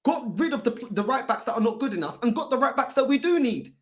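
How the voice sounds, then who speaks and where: A woman's voice: on the high side, very animated, fast talker. A woman hosting a fan channel, ranting in exasperation and firing off rhetorical questions. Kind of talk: heated football fan talk.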